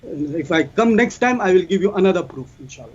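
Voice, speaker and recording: A man's voice: sits high, lively intonation, fast, slightly rough, lo-fi sound. A man presenting his case in a debate, reciting verses and translating them with repetitive emphasis. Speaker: Muslim debater.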